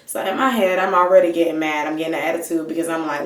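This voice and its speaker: A woman vlogger telling a story in a casual, animated and exasperated way, swearing freely. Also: low-pitched, very fast, hardly any pauses. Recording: roomy, mic at a distance.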